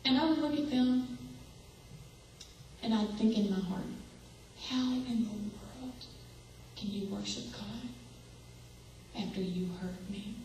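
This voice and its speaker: A woman's voice: mid-range voice, mellow, slight background noise. A young adult woman giving an earnest sermon to an audience, asking them direct questions. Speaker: speaker. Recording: echoey hall, voice from far off.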